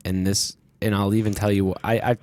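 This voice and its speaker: A man's voice: lowish voice, level tone, fairly quick, darkish tone, dry recording. A man hosting a podcast, telling a childhood story in a rambling, candid way, swearing freely and leaning on fillers. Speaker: podcast host. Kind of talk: casual conversational storytelling.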